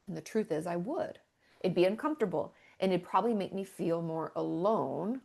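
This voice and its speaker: Woman, therapist guest, gravelly voice, lowish pitch, candid and chatty. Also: lively intonation, normal speed, a little mellow. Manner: candid, chatty, many filler words. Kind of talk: casual podcast chat.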